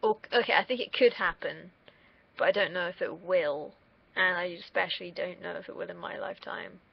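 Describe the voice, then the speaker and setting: A woman's voice: fairly low pitch, brisk, gravelly, slightly rough, dry recording, muffled recording. A young woman from the UK, vlogging in a casual, rambling monologue that wanders off on tangents, with the odd swear word. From United Kingdom.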